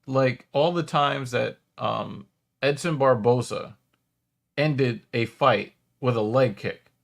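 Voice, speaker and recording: A man's voice: mid-range voice, takes it slowly, gravelly. A man chats casually while hosting a watch party and reacting to clips. He swears freely and argues his points, often breaking into laughter. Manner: profane, laughing, argumentative.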